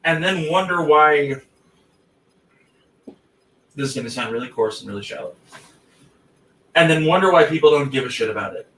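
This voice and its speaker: A man's voice: on the high side, expressive, normal speed, long pauses, a bit bright. A man hosting a casual chat, blunt and prone to swearing as he circles through his points. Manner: blunt, swears freely, self-interrupting. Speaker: podcast host. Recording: roomy, distant mic with faint ambience.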